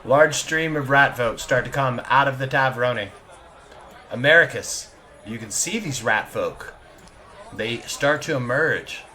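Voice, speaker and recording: A man's voice: medium pitch, unhurried, bright, forceful tone. A man narrating a tabletop game as game master, in a casual, chuckling way.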